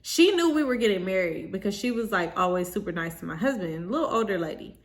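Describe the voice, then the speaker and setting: A young woman tells a storytime vlog straight to her viewers, animated and full of slang. Her voice is medium-pitched and her pace quick.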